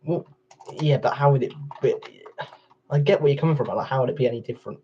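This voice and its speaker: A man rambling and bickering with his livestream chat while he plays. His voice is dark and mellow. The stream audio is dull and lo-fi, with faint keyboard typing behind him. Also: medium pitch, quick pace, a little hiss or hum. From England. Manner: rambling, argumentative replies to chat.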